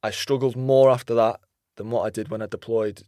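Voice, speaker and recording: A man's voice: medium pitch, steady tone, a little fast, dark tone, no echo, studio quality. A man from Britain, a serving soldier and army fitness coach, telling stories in a plain, matter-of-fact way with some swearing. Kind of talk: casual chat.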